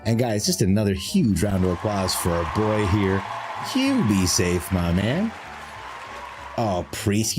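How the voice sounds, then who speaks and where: A man's voice: fairly low pitch, a little mellow. A man from Canada, chatting on a live stream, effusive and jokey as he gushes thanks to his chat.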